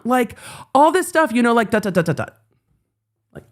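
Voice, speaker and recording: A woman hosting a live legal commentary stream, telling a story in a casual, animated way and acting out the lines she quotes. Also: a little high, moderate pace, long pauses.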